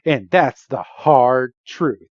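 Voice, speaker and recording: A brash, overconfident young woman reporter, put on by a man reading her lines with slow, mock-dramatic weight. The voice sits in a middle range. The sound is dry and a little dull. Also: mid-range voice, lively intonation, dry recording. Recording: dull lo-fi podcast audio.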